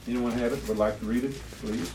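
Speaking fast in a steady, medium-pitched voice, this man leads a Bible study, asking his students questions and hammering home key phrases through repetition. He's recorded from a distance in a roomy space with a bit of background noise.

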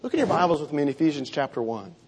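A man preaching a sermon, reading scripture and speaking earnestly, with emphatic repetition and quiet, solemn drops. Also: lively intonation, rapid-fire, husky. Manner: earnest, emphatic, dropping low for solemn lines.

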